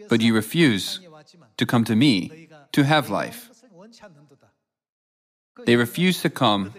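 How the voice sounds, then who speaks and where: A man preaching in a measured, solemn read-aloud style, quoting scripture between his points. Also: lowish voice, fairly bright tone. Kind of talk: scripted sermon narration.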